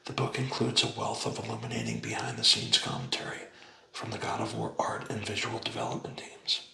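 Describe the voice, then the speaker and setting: A man reads aloud in a hushed, unhurried ASMR whisper, his low voice heavily gravelly and sharp-edged. The sound is roomy, with a noticeable echo around it. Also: very animated, a little hiss or hum. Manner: soft, unhurried whispered reading. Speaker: ASMR reader. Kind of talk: whispered ASMR book reading.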